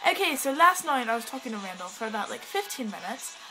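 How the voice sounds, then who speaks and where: Fast and sing-song, on the high side, a teenage vlogger chats to her friend in a put-on British accent, rambling and giggly and constantly getting sidetracked. The audio is poor, and faint pop music plays underneath.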